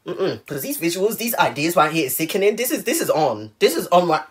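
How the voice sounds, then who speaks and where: A man's voice: sits high, big pitch swings, brisk, slight background noise. A man reacting to a music video, talking in a sassy, flamboyant and exclamatory way from his apartment. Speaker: reaction YouTuber. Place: apartment on a top floor. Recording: music video playing loudly behind.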